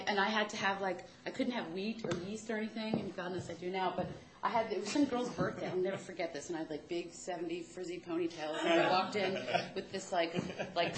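A woman's voice: mid-range voice, roomy sound, very noisy. A woman telling a rambling, self-deprecating comic story about her family in a chatty way.

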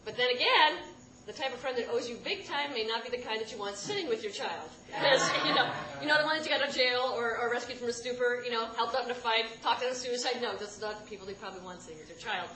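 A woman in her thirties telling a comic personal story to a live audience, rambling and self-deprecating, with sudden loud outbursts. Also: on the high side, fast talker. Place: stage in a room with a live audience. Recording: roomy live room with background noise.

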